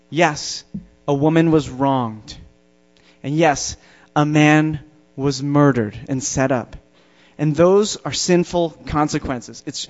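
A man in the pulpit delivering a sermon to his congregation, his voice sitting a little high for a man. He preaches emphatically, drawing out and stressing the words that matter. The recording sounds dull and lo-fi. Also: a little mellow. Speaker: pastor. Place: church before a congregation.

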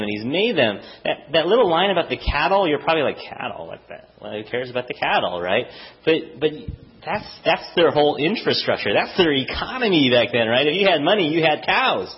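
Lively pastor preaching in a conversational way. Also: male voice, on the high side. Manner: conversational, animated, often acts out voices. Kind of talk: sermon. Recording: dull lo-fi recording.

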